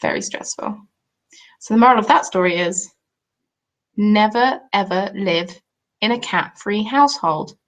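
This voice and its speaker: A young woman who makes craft videos on YouTube chats cheerfully during a live stream from home, her voice medium in pitch and unhurried. She talks off the cuff, drifting off and starting over, and keeps pausing to read out and reply to viewers' comments.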